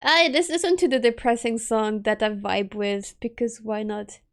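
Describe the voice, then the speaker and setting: A woman's voice: on the high side, steady tone, normal speed. A woman streamer chatting casually and giggling as she reads chat aloud from her home setup.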